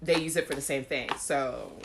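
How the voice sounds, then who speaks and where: Caribbean woman, young adult, live chat host, low voice, casual and animated, laughs a lot. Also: normal speed, vocal fry, noisy background. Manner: animated, laughs often, acts out song lines. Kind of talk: casual live-stream chat reading comments.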